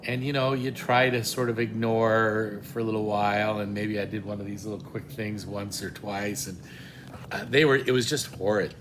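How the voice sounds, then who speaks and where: A man's voice: on the low side, fairly even intonation, moderate pace, fairly bright tone, a little hiss or hum. An older man telling a casual, wry, self-deprecating story, with many fillers and restarts. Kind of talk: casual anecdote.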